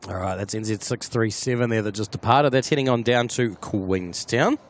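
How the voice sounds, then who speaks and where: A man's voice: fairly low pitch, moderate pace. Chatty New Zealand man streaming live. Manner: chatty, answers viewer comments by name. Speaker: plane-spotting live streamer. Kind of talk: casual live-stream commentary.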